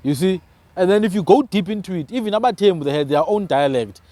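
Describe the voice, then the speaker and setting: Emphatic high-voiced South African man. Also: quick pace. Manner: emphatic, animated, ends phrases with "man". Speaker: podcast host. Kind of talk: casual discussion.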